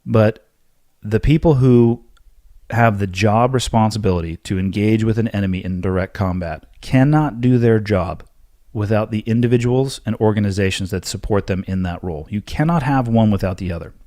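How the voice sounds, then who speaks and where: A man with a fairly low voice answers listener questions in a solo podcast monologue. He speaks bluntly and emphatically, with the occasional curse. The sound is dry and close, with no room echo. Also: mellow.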